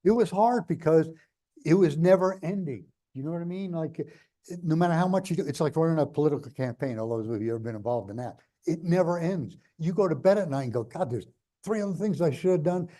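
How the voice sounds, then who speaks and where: A man's voice: on the high side, lively intonation, quick pace, warm tone. Blunt older man with New York accent. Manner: blunt, rambling, jokey storytelling. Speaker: guest speaker. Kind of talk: conversational interview on stage.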